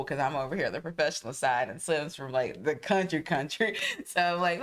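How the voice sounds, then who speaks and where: A woman hosting a casual podcast, chatting expressively and laughing along with her guest. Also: sits low. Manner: expressive, laughs along, quick back-channels. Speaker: podcast host.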